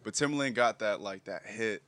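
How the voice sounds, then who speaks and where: Fast-talking easygoing man. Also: lowish voice, fairly bright tone, no room sound. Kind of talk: casual group chat.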